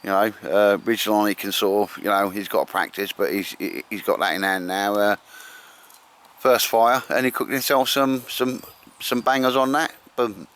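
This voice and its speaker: Chatty man outdoors, low voice. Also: steady tone, normal speed, fairly bright tone. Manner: chatty, encouraging, calls everyone mate and sir. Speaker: bushcraft vlogger and host. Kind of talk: casual outdoor chat. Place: in the woods outdoors. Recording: outdoor recording with background noise.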